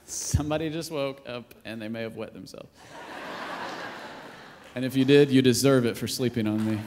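A male pastor preaching a sermon in a church in a casual, playful way, acting out quotes and sometimes shouting. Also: medium pitch, moderate pace, background noise. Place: church auditorium. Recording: long hall reverb.

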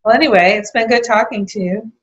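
A woman's voice: fairly high pitch, fast, lo-fi sound. An older woman chatting casually as an interview guest, rambling through a story with small laughs. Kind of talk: casual conversation.

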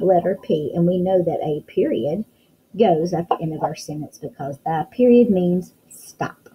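Slow, mellow-voiced kindergarten teacher woman. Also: lowish voice, expressive, breathy edge, low-quality recording. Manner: slow, sing-song, encouraging with frequent praise. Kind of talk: online phonics lesson for young children.

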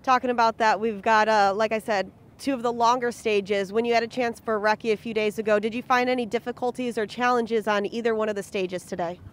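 A woman's voice: a little high, steady tone, fairly quick, hardly any pauses. A woman motorsport reporter asking friendly, upbeat interview questions at a rally.

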